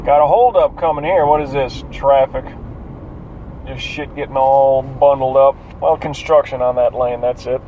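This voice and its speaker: A man's voice: medium pitch, steady tone, moderate pace, highs cut off. A tired man rambling to himself while driving, cursing at traffic in a casual, profane monologue from inside his car. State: yawning and tired. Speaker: vlogger.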